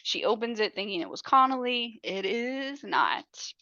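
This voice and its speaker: A woman's voice: a little high, expressive, unhurried, sharp tone, no room sound, dull audio. A woman podcast host casually recapping a crime movie in a chatty, profane way.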